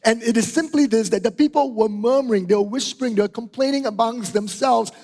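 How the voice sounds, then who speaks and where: Middle-aged man, high-voiced emphatic preacher, long hall echo. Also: a little fast, dark tone. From Singapore. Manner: emphatic, repeats key phrases, asks "right?" and "okay?". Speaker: pastor. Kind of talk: sermon. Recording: hall reverb.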